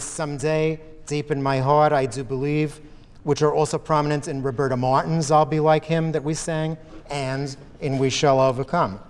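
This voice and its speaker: A man presenting and narrating a music history program, explaining and quoting song lyrics in a measured way. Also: on the high side, big-room sound. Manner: measured, explanatory, quotes lyrics while analyzing. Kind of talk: scripted narration mixed with live event commentary.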